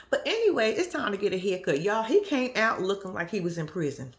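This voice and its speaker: A woman in casual reaction commentary, chatty and animated, laughing often and swearing freely. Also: mid-range voice, brisk. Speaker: reality TV commentator.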